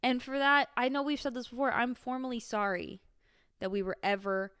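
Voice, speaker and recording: A woman's voice: a little high, fairly quick, fairly bright tone, smooth. A young woman in her twenties co-hosting a podcast in casual chat, chatty and self-mocking, laughing often. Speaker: podcast co-host.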